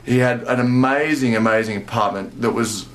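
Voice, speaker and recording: A man's voice: medium pitch, normal speed, fairly bright tone. A young man from Australia with a mid-range voice, telling his story with eager enthusiasm. He stops and restarts often and leans on fillers. His delivery stays casual and unpolished. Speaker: bass player and interview guest.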